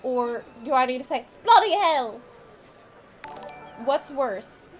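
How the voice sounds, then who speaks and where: A woman's voice: high-pitched, steady tone, unhurried, soft background music. A woman streamer chatting casually with her viewers, rambling and often cutting herself off mid-sentence. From United States. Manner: chatty, rambling, self-interrupting.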